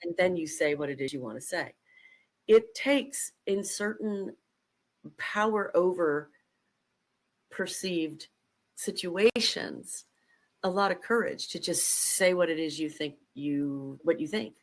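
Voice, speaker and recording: An older woman telling a story as a podcast guest, with animated, emphatic delivery. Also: on the low side, takes it slowly, rough recording. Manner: animated, emphatic, acts out quotes. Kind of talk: conversational storytelling.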